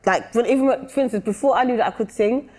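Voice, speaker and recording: A woman's voice: fairly high pitch, quick pace, darkish tone, in a large hall. A woman with a British English accent, chatting openly as an interview guest and often checking "do you know what I mean". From England. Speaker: guest singer-songwriter. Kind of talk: casual interview chat.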